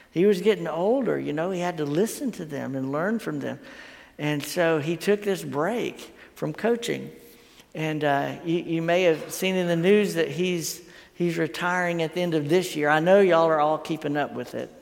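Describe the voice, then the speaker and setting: Man, pastor, folksy storytelling sermon, gravelly voice, long hall reverb. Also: a little high, normal speed. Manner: storytelling, folksy, repeats words while thinking aloud. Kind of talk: conversational sermon.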